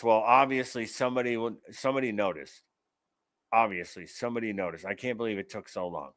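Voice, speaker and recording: A man's voice: fairly low pitch, fairly quick, fairly bright tone, no echo. Profane ranting male commentary host. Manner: profane, angry, sarcastic. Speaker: show host. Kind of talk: ranting commentary on news clips.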